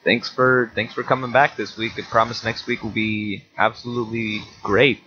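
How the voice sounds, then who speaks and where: Easygoing teen guy, bright lo-fi voice. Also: fairly low pitch, little pitch movement, moderate pace. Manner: easygoing, teasing, laughs often. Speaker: podcast co-host. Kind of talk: casual chat. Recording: dull lo-fi recording with faint hiss.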